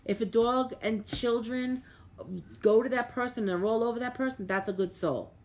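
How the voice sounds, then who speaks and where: A woman's voice: on the high side, steady tone, normal speed, a little mellow. A middle-aged woman medium, hosting a live stream and talking earnestly to viewers, with lots of "like" and repeated words. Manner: reads out viewer comments and thanks viewers by name.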